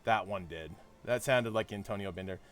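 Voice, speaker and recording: A man's voice: on the low side, fairly quick. Give me a chatty man talking to viewers while he streams a game. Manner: chatty, self-deprecating, talks to chat. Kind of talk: casual live-stream chat while gaming.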